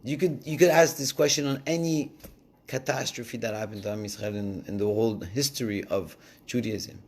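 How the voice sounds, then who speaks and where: A man giving a casual Torah lesson, telling the story in an animated way and switching between languages. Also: medium pitch, normal speed, a little hiss or hum. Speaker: Torah teacher.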